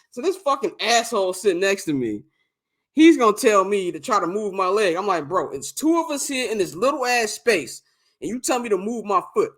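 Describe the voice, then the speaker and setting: A young man, casually telling a long, profane story on a podcast and acting out the other people in it. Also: high-pitched. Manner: animated, profane, acts out quoted exchanges. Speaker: podcast co-host.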